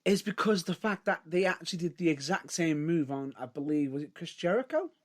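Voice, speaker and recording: A podcast co-host chats casually about wrestling, hedging his points and restarting often. His fairly high voice moves a little fast, with lively rises and drops.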